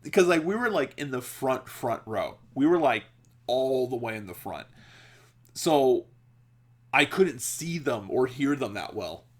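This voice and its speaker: Man, podcast host, unhurried, rambling, giggly, casual storytelling. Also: medium pitch, big pitch swings. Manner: rambling, laughs often, many restarts and "like" fillers.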